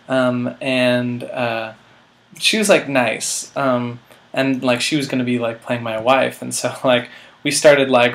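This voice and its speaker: A man's voice: mid-range voice, a bit bright. Rambling young man telling a story. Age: 20s. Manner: rambling, full of "like" and "um", self-mocking. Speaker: vlog host. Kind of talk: comic storytelling.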